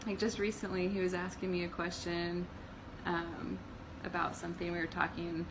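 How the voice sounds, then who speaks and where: A woman's voice: on the low side, normal speed, background noise. A woman in her thirties co-hosting a casual chat about marriage, telling stories with lots of laughter and acted-out quotes. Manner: animated storyteller, laughs often, acts out quotes. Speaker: co-host of a marriage channel.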